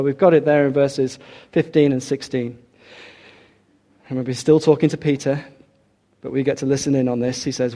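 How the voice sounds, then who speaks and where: A man's voice: medium pitch, warm tone. A middle-aged man preaching a sermon, emphatic and repeating his key points for the congregation.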